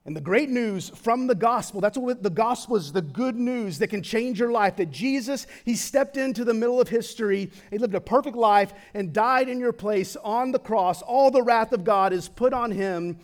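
A young man preaching a sermon in a casual, conversational way, swinging from excited to hushed and solemn. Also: sits high, moderate pace, hardly any pauses. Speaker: pastor.

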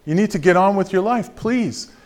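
A man's voice: high-pitched, darkish tone, pitched above the performer's own voice, natural voice. A man voicing a patient male veterinarian who firmly repeats bad news in a told joke. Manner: firm, repeated, slowing for emphasis.

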